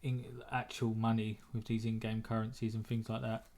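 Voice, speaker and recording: A man's voice: on the low side, monotone, normal speed, darkish tone. A man, a trader and moderator, talking bluntly in a casual group discussion, often repeating words as he thinks.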